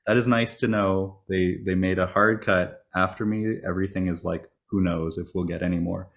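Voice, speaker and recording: Deep-voiced man in casual podcast chat. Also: moderate pace, creaky. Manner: animated, joking storyteller, swears freely. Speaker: podcast co-host.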